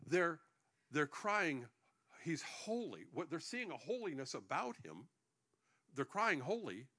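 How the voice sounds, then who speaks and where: A man's voice: a little high, very animated, unhurried, sharp tone. A male pastor preaching a sermon to his congregation, joking between points and often restarting his sentences.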